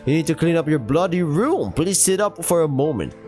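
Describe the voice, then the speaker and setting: A man's voice: fairly high pitch, sing-song, a little fast, dark tone, faint music behind, pitched above the performer's own voice. A man voicing a blunt, lecturing middle-aged male therapist in a game playthrough.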